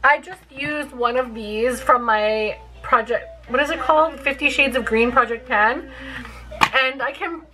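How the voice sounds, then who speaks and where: A woman's voice: on the high side, a little slow, pushed and bright, poor audio. A woman in her thirties chatting casually through a makeup tutorial, giggly and full of fillers. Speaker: beauty vlogger.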